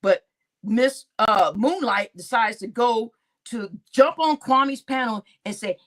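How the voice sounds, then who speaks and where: High-pitched angry woman ranting. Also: takes it slowly. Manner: angry, profane, repeats herself. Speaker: livestream host. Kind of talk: heated livestream rant.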